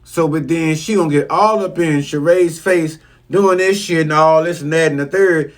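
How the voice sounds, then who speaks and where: A man's voice: fairly high pitch, normal speed. A man giving a casual, profane recap of a reality show episode, scolding the cast bluntly. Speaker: reality TV commentator.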